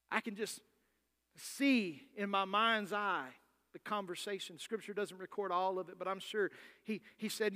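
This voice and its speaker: High-voiced impassioned male preacher. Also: measured pace. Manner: impassioned preaching, voicing Bible figures, swings from loud to soft. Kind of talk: sermon.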